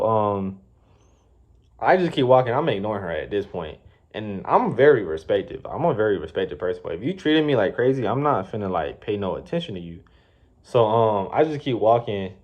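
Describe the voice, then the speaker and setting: A man's voice: lowish voice, lively intonation, normal speed, darkish tone, highs cut off. A man in his twenties telling a casual, slangy story with plenty of swearing and rambling asides. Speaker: vlogger. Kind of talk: storytime vlog.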